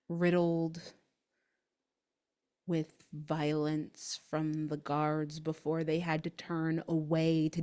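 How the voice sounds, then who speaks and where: A woman runs a tabletop game and narrates its grim ending in a slow, halting, dramatic way. Her voice sits a little low, and she takes her time with every phrase. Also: darkish tone, smooth. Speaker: game master.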